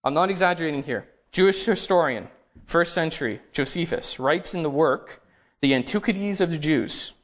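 A man preaching a sermon, reading scripture aloud with slow, emphatic stresses and dramatic rises. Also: on the high side, animated.

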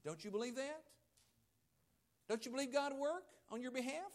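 A male pastor delivers a sermon at normal speed, animated as he swings from loud, emphatic lines to quiet, low asides. He acts out the voices of the people he quotes.

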